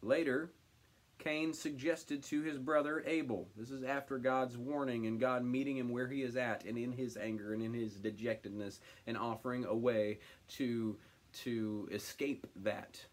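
A man leading a casual Bible study, reading scripture aloud and commenting on it in an animated, conversational way. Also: medium pitch, normal speed. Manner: animated, paraphrasing God's words in a direct conversational voice.

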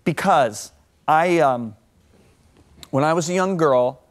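A man in his sixties, speaking as a guest on a TV talk show. He tells stories with a sermon-like drive, his voice sitting a touch high and leaping higher when a story peaks. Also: slow. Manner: lively, swings pitch up and down while telling stories.

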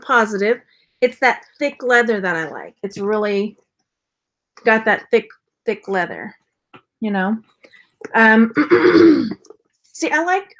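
Speaking in a fairly high, fairly bright voice, a purse-unboxing vlogger from Texas chats casually on a live stream. Her talk wanders playfully and she throws in goofy sound effects.

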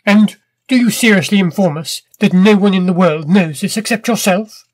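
A hot-tempered, powerful old professor, as a male narrator plays him, stern and pompous in every command. The voice sits fairly high and is recorded dry and close. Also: normal speed, dry recording.

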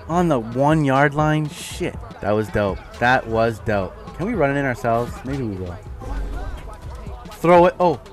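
A young man commentating his own football video game as he plays, excitable and foul-mouthed, trash-talking opponents and yelling at big plays. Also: mid-range voice. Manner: excitable, swears a lot, yells at plays, trash-talks opponents. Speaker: gaming YouTuber. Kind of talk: live gameplay commentary.

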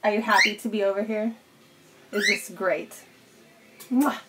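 A woman's voice: medium pitch, steady tone, a little slow, background noise. A woman streaming cosplay work from home, chatting casually with viewers and her pet bird, laughing often. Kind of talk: casual live stream chat.

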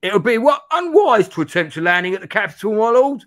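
A man's voice: high voice, sing-song, fast talker, fairly bright tone, voice pushed up. A man voicing a cautious male dignitary who gives a formal warning. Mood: cautioning.

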